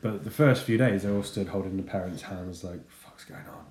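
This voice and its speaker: A man in his thirties telling a funny story about his son in a casual, sweary, animated way. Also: low-pitched, a little fast, slight background noise. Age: 30s. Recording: echoey room.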